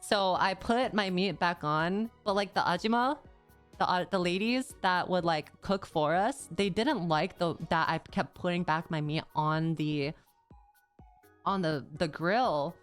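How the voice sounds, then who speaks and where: A woman's voice: on the low side, measured pace, clean tone, soft background music. A young woman streamer chatting casually and rambling as she recaps a trip, full of "like" and slang. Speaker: VTuber streamer.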